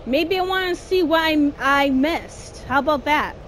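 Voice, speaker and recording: A young woman giving let's play commentary on a horror game, exasperated and complaining, shouting at her character. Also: high voice, unhurried, a little hiss or hum. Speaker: gamer playing a horror game.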